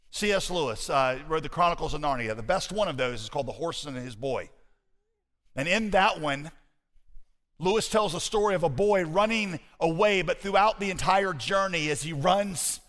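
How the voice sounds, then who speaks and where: A man preaching a sermon as pastor, animated and conversational with his congregation. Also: on the high side. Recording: hall reverb.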